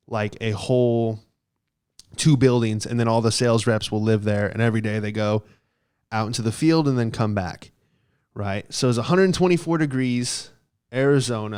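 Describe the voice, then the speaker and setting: Young male podcast host, mid-pitched, smooth clear voice, loose profane anecdote style. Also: a little mellow. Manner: rambling, profane, heavy on fillers. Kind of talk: casual comic storytelling.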